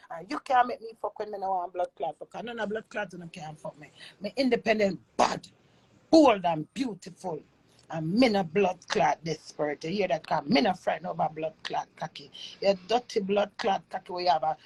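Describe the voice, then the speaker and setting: A Jamaican woman goes on a furious, cursing rant in patois. Her voice is husky and gravelly, with a rough edge under the words. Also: medium pitch, low-quality recording. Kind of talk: angry rant.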